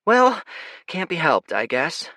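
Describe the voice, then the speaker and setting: A man's voice: a little high, sing-song, slow pace, bright, forceful tone, dry recording, voice pushed up, exaggerated voice. A man doing a blunt, teasing young woman. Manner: matter-of-fact, bluntly teasing.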